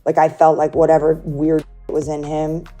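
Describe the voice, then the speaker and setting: A woman's voice: low voice, monotone, moderate pace, mellow, faint music behind. A woman casually recounting a phone call in an interview clip, acting out what was said. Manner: casual, quoting herself and others.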